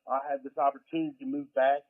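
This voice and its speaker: A man's voice: medium pitch, flat delivery, fast talker. Man, caller, earnest and hopeful, phone-line audio. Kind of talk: telling his story on the phone.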